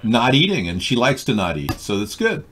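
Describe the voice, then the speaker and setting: Man, middle-aged, live stream host, casual banter, lively swinging pitch. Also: moderate pace, a little hiss or hum. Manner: animated, bantering, drifts into a put-on accent. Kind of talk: casual call-in chat.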